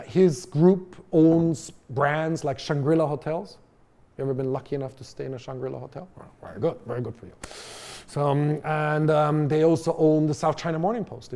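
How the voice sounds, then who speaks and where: This lecturer's voice sits a little high and sounds mellow. Speaking to a college audience in a lecture hall, he talks casually with fillers and restarts, occasionally asking the room questions directly.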